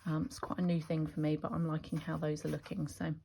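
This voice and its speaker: A woman's voice: sits low, flat delivery, quick pace, vocal fry, mellow, slight background noise. A woman chatting enthusiastically as she shows off her craft stamp designs, with fillers and restarts. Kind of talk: casual product walkthrough.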